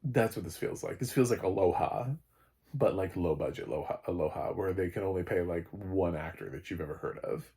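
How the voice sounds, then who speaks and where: A man's voice: low-pitched, a little fast, warm tone. An American man giving a casual spoken film review, blunt and sarcastic, rambling with lots of fillers and restarts. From United States. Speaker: film critic.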